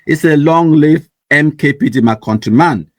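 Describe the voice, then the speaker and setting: A man's voice: a little high, normal speed, no echo. A man from Anglophone Cameroon with a Cameroonian Pidgin accent, hosting and reading viewer comments in casual commentary, laughing often and switching between Pidgin and English. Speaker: host.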